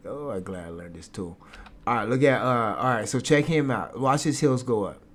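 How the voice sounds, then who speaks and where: A man casually reacting to sports footage for his viewers, excitable and repeating himself as he breaks down technique. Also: mid-range voice, moderate pace. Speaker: reaction streamer.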